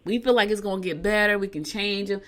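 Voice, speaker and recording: An older woman hosting a show from a home studio, chatting casually and reading horoscopes with lively storytelling asides. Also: medium pitch, quick pace. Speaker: radio show host.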